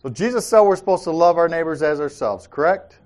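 A man's voice: a little high, lively intonation, brisk, darkish tone. Man telling stories on a faith talk show. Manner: storytelling, often checks in with "right?" and "Amen?". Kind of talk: faith-based casual talk.

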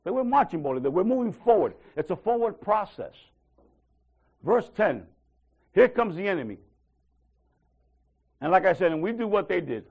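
A man preaching in a loose, conversational way, acting out back-and-forth dialogues with God. His voice sits a little high, with a gravelly fry. The recording is muffled and lo-fi. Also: big pitch swings, normal speed, long pauses, a little mellow. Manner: conversational, acts out dialogues with God, asks the crowd "right?". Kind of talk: casual sermon.

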